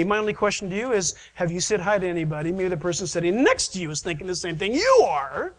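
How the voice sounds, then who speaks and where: A man's voice: high voice, very animated, fast talker, few pauses, fairly bright tone, poor audio. A male pastor preaching a sermon in a church, pleading and emphatic, with rhetorical questions to the congregation.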